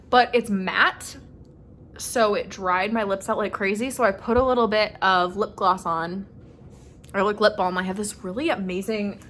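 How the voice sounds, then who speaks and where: A young woman chatting casually on a phone camera at home, giggly and full of fillers, at times dropping to a soft murmur. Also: mid-range voice, slight background noise. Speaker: vlogger. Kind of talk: casual vlog chat.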